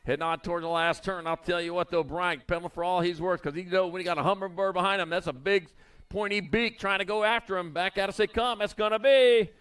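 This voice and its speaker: A man announcing BMX races live at an outdoor track, calling the riders with playful nicknames in a quick, folksy manner. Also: high-pitched, fairly even intonation, fairly bright tone, clean tone. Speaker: race announcer. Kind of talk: live race commentary.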